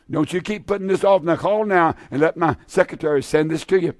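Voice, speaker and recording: A man's voice: on the high side, fairly quick, few pauses, no echo, clean studio sound. A man preaching and praying on his radio program, fervent and pleading, with heavy repetition. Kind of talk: radio sermon and prayer.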